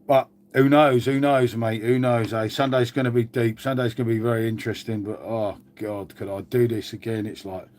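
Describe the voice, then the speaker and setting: A man's voice: mid-range voice, steady tone, normal speed, few pauses, a little mellow. A man hosting a casual live chat to viewers, glum and sweary, calling everyone mate. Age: older. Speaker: channel host.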